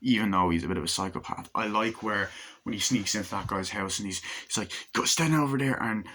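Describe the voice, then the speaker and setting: A man's voice: fairly low pitch, steady tone, quick pace, bright, forceful tone, slight background noise. A young man in his twenties casually reviewing a film, rambling and enthusiastic, with frequent swearing and fillers. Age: 20s. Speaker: movie reviewer.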